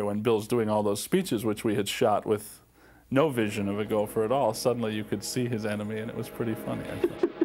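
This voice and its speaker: A filmmaker being interviewed, recalling the production with thoughtful pauses and fillers. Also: male voice, on the low side, darkish tone. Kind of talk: interview recollection.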